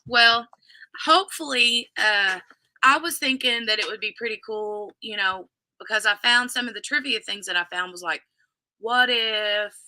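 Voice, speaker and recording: A woman's voice: a little high, normal speed, bright, forceful tone, no room sound. A woman hosting a casual live stream, chatting and greeting viewers by name. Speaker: livestream host.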